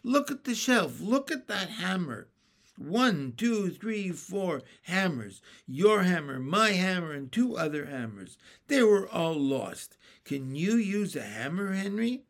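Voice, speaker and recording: A man's voice: sits high, sing-song, takes it slowly, a bit bright, voice pushed up, heavily acted. Cheerful kindly doctor, as a man reads him. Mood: jovial. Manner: hearty, exclaiming. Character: cheerful kindly male doctor, jovial employer.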